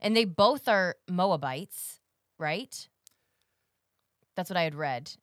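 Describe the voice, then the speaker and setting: A woman's voice: lowish voice, expressive, slow, no echo, clean studio sound. A woman co-hosting a casual Bible study chat. She asks curious questions and hedges her points. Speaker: podcast co-host.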